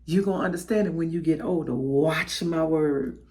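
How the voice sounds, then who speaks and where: A woman's voice: sits low, moderate pace, a little mellow, voice pushed down. A woman voicing a loving older mother who gives advice and prays. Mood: reassuring.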